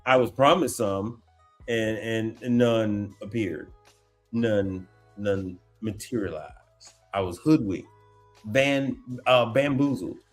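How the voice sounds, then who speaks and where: A man hosting a casual livestream, talking in an animated, slangy way, exclaiming and repeating himself as he reacts. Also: on the low side, takes it slowly, faint music behind. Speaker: appliance repair tech livestream host. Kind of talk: casual livestream chat while browsing online.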